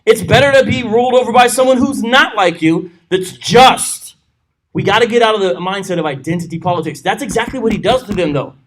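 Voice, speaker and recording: A man's voice: high-pitched, brisk, a bit bright. A man teaching a church Bible study, reading scripture aloud with joking asides. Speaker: pastor.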